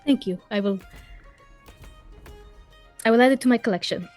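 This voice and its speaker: A woman voicing a polite, gentle adventurer in a tabletop game. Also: on the high side, normal speed, faint music behind, close to an everyday voice.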